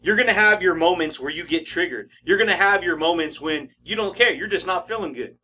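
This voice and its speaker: A man's voice: high voice, expressive, a little fast, bright, forceful tone, husky. A man giving a casual motivational talk, slangy and emphatic, often laughing and calling the listener buddy and baby. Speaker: motivational speaker.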